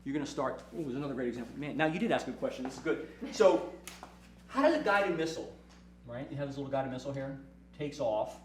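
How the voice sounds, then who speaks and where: A man, a lawyer, giving a casual motivational talk and telling animated stories, often checking in with "right?". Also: mid-range voice, fast talker, reverberant, a little hiss or hum. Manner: animated storytelling, repeats "right?", acts out quotes. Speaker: lawyer and firm owner hosting a talk.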